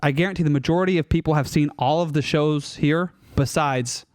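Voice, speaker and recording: A man arguing his case on a podcast panel, animated and insistent. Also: on the high side, brisk, clear, resonant tone, dry recording, studio quality. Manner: argumentative, animated. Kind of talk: casual podcast debate.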